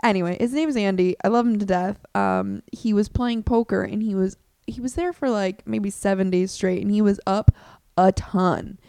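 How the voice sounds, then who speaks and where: A young woman with a warm, smooth, mid-range voice at normal speed hosts her own podcast, chatting casually on her own in a rambling, self-deprecating way and swearing now and then. She uses a desk mic in a room at home with the door open, and the recording is dry.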